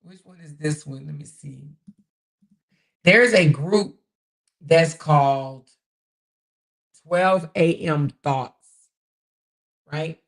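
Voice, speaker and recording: A woman hosting a casual commentary channel, chatting sassily to her viewers and often pausing to find clips. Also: sits low.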